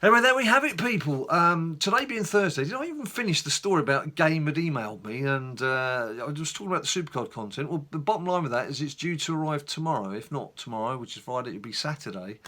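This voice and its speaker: A middle-aged man from England, chatting casually in a rambling, animated way on his gaming vlog. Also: on the high side, fast, hardly any pauses. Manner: animated storyteller, rambling asides. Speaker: gaming YouTuber.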